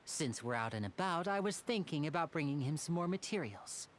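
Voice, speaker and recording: An actress playing an earnest woman in a game, speaking in a measured, determined way. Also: low voice, animated, a little hiss or hum.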